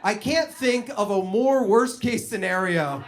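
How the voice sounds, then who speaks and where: A man in his twenties doing stand-up comedy, telling self-deprecating stories in an animated way. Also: high voice, a little slow, slight background noise.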